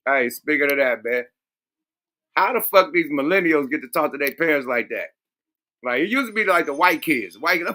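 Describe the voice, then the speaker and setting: Loud, profane podcast host, man. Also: expressive, moderate pace. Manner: loud, profane, acts out voices with big pitch jumps. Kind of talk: casual chat.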